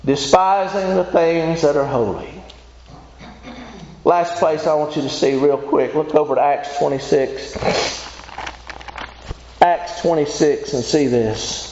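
Slow and pause-filled, a man with a slightly high, darkish voice preaches a sermon to his congregation. His style is folksy and emphatic, with many questions thrown to them in call-and-response. It was recorded in an echoey church hall, and the sound is dull and lo-fi.

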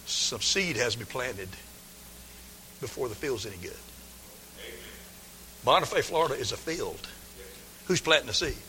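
A man's voice: mid-range voice, lively intonation, normal speed, pauses often, bright, forceful tone, slight background noise. A man preaching a folksy, emphatic sermon, sometimes mimicking his listeners' excuses. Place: church sanctuary. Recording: long hall reverb.

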